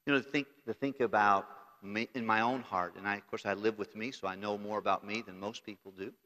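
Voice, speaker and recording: A middle-aged American man preaching a sermon, swinging between loud declarations and quiet, intimate storytelling. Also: fairly even intonation, brisk. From United States. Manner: earnest preaching, voice swelling loud then dropping low and intimate. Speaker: pastor. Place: large church sanctuary. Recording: long hall reverb from the sanctuary.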